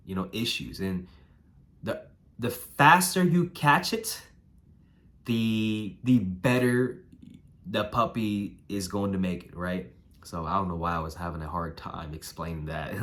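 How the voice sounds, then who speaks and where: A young man with a somewhat low voice that sounds hoarse and stuffy from a cold. He explains puppy care in a loose, talkative way, circling back over his points and checking in with "right?" and "bro". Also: a bit bright. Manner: talkative, repeats himself, tags lines with "right?" and "man". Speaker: dog breeder giving advice. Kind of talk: casual instructional vlog.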